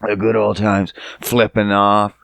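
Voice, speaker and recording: A man hosting a podcast, telling profane, animated stories in a casual comedic rant, sometimes putting on voices. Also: fairly low pitch, unhurried, gravelly, no room sound. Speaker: podcast host. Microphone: podcast studio mic.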